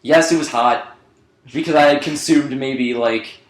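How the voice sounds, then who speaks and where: A man's voice: medium pitch, measured pace. A young man casually telling a rambling story on a podcast, swearing and laughing along as he goes. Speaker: podcast co-host. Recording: echoey room.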